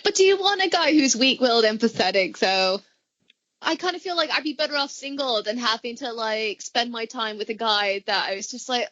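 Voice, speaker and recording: A woman's voice: a little high, animated, brisk, fairly bright tone, lo-fi sound. A woman who grew up in the United States and has lived in the UK for years, with an accent that mixes American and British, chatting in a friendly way and laughing often. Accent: mixed American and British. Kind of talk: casual chat.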